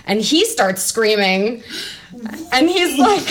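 Her voice sits high and she draws out her words as this woman in her thirties tells a personal tale on a podcast. Lively and laughing, she swears freely and performs other people's lines.

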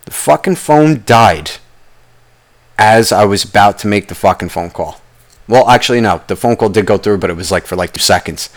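With a fairly low voice, lively intonation and a moderate pace, a young podcaster spins out a long, rambling tale. He keeps restarting, drifts into asides and swears all the time.

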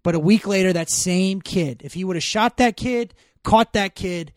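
A man's voice: high-pitched, normal speed, no echo, studio quality. A man telling stories in casual chat, emphatic and full of profanity.

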